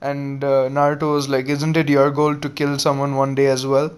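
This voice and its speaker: A young man retells a fan-made story in a relaxed, unhurried way, stopping often for fillers. His voice is smooth and clear, with very little rise and fall in pitch. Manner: many fillers, flat unhurried telling.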